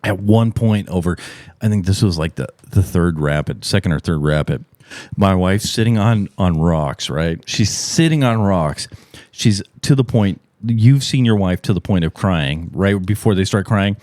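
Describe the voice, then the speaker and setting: A middle-aged man hosting a podcast, telling a profane, animated story in casual chat. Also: normal speed, dry recording, studio quality. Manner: profane, animated storyteller, voice jumps high and loud when acting out shouts. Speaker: podcast host.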